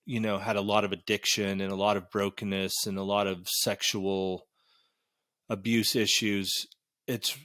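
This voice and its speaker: A man hosting a podcast, talking in an animated, emphatic way and swearing casually. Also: on the low side, measured pace, no room sound. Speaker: podcast host.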